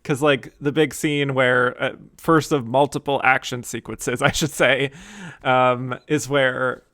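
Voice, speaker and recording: A man's voice: mid-range voice, little pitch movement, slow, a bit bright, dry recording, clean studio sound. A man hosting a podcast, chatting casually about a film, laughing often and acting out lines he quotes. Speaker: podcast host.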